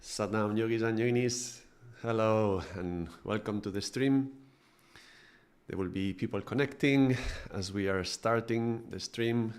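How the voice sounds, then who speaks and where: Calm man, lowish voice. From Spain. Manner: calm, unhurried, with frequent hesitations. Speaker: meditation teacher. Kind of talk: live-streamed spiritual talk.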